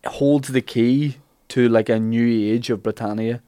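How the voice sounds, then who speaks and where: A man retelling an old legend as comic chat, acting out the characters' lines in animated bursts. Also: mid-range voice, unhurried, no echo. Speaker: podcast host telling a legend.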